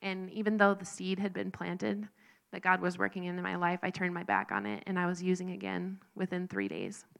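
A woman telling her personal faith testimony in an earnest, halting, emotional way. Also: fairly low pitch, vocal fry. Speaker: speaker sharing a recovery testimony.

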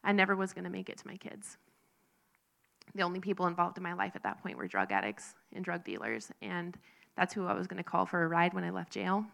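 A woman telling her personal faith testimony in an earnest, halting, emotional way. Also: on the low side, vocal fry, a bit bright. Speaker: speaker sharing a recovery testimony.

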